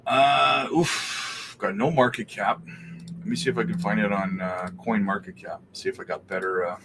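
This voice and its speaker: A man's voice: lowish voice, moderate pace, noisy background. A Canadian man hosting a casual crypto livestream, reading out viewer questions and thinking aloud as he looks things up. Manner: relaxed, thinks aloud while looking things up.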